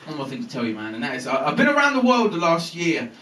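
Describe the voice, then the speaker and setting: A male stand-up comedian with a high, bright and sharp voice that leaps all over its range as he tells stories on stage and swears freely. He slips into different voices for the characters he describes. The sound is roomy and a little distant, with a faint ambient hum behind him. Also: fast talker. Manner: animated, swearing, acting out characters. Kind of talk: live stand-up routine. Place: comedy venue with a live audience.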